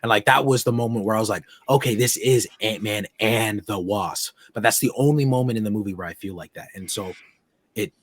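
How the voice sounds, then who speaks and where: A man's voice: lowish voice, a little fast, no echo. A young man hosting a podcast, chatting casually and enthusiastically with many restarts. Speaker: podcast host. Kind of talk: casual chat.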